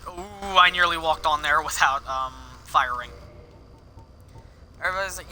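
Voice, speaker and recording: A man's voice: on the high side, a little slow, bright, forceful tone, a little hiss or hum, low-quality recording. A man streaming a video game, rambling candidly and swearing often while he plays. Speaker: gaming streamer. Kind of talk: live game commentary with personal confession.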